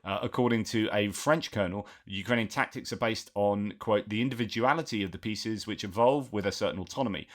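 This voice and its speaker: A man hosts a war news commentary, his voice sitting a little low. He reads articles aloud in an unhurried way, pausing for "uh" and breaking off into his own remarks before picking the text back up. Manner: reads articles aloud with frequent asides and filler words.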